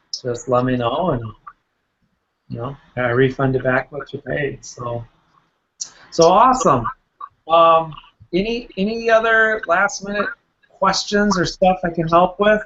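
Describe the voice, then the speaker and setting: A man's voice: mid-range voice, a bit bright, muffled recording, slight background noise. A man coaching real estate agents in a casual question session, talking in a chatty way, repeating words and telling anecdotes. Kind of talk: casual Q&A with a listener.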